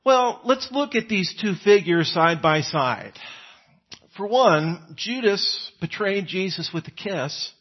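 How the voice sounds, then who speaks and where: Male preacher, slightly high husky voice, conversational sermon delivery, dull lo-fi sound. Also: animated, slow pace. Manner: conversational, acts out quoted lines with rising pitch and volume.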